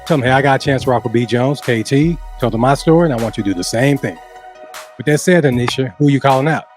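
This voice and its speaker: Fast-talking man co-host. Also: mid-range voice, faint music behind. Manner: quick, relaxed questioning. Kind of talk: casual interview questions.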